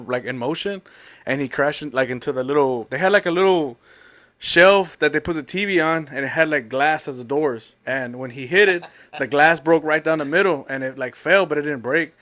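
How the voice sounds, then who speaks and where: A man telling a long family story in a casual, rambling, animated way. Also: a little high.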